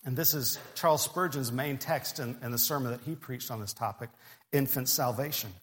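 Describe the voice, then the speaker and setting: A man preaching a sermon, reading scripture aloud in an earnest, measured way. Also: medium pitch, fairly bright tone. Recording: long hall reverb.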